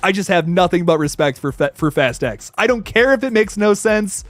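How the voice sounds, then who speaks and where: Male livestream host, hyped and profane, very lively pitch, dry room. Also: normal speed, dry recording. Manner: excitable and swearing, with frequent laughs. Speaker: horror movie channel host. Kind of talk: casual livestream chat reading super chats.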